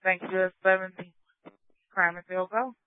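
A man's voice: sits high, steady tone, normal speed, a little hiss or hum. A man working as a police dispatcher, giving clipped, procedural calls over the radio. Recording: tinny police radio scanner audio.

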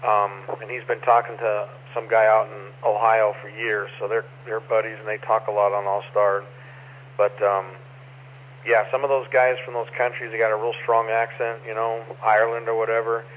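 A man's voice: fairly low pitch, level tone, moderate pace. A man chatting casually over the radio in an easygoing, matter-of-fact way. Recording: muffled radio with faint noise.

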